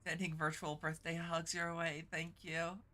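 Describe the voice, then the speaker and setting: A woman streamer in casual live-stream chat, teary and congested from crying, halting and stumbling over her words. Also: low-pitched, little pitch movement, pushed and bright.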